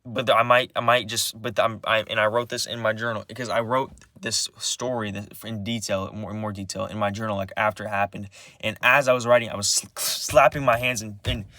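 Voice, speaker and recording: A man's voice: on the low side, fairly even intonation, brisk, pushed and bright, dry recording. A young man speaking in a personal confessional vlog, agitated and rambling, swearing often and restarting his sentences again and again.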